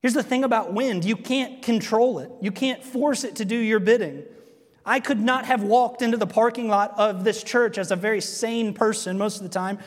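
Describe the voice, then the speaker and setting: Male pastor with a high voice, earnest sermon delivery full of questions to the congregation, recorded in a church hall with a long echo. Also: moderate pace. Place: church sanctuary.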